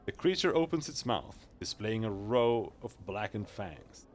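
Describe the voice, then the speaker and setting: Guy streaming, reading game text fast, lowish voice, trips over words sometimes. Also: expressive, a little hiss or hum. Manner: quick reading with stumbles and restarts. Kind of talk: reading a video game aloud.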